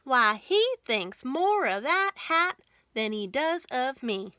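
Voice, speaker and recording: A woman's voice: high voice, very animated, slow pace, sharp tone, dry recording, full character voice. A woman voicing a fussy Old West wife who is easily put out, speaking in a whiny, complaining way, in a storybook read-aloud. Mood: sulky.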